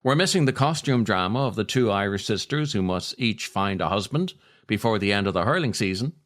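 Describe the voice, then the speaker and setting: A podcast host reads his own essays aloud in a slightly low voice, with a wry, dry humor. His delivery rises and falls freely, and his storytelling is unhurried and reflective. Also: expressive, a bit bright.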